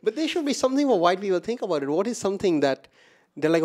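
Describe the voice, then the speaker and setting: A man's voice: very animated, fast talker, a little mellow. A man who is a stand-up comedian, guesting on a casual podcast, riffing with restarts and acting out what other people say. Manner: riffs with restarts, acts out quoted people in a lower voice. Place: podcast studio.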